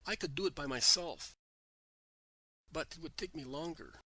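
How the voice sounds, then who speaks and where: A man voicing a gentle, practical woman disciple in a plain, soft reading. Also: a little high, normal speed, slightly rough, no room sound.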